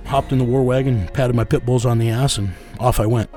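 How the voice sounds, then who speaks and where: A man's voice: medium pitch, steady tone, a little fast, dark tone, soft background music. A man working as a child recovery investigator, telling a story in an interview in a blunt, profane way with many fillers.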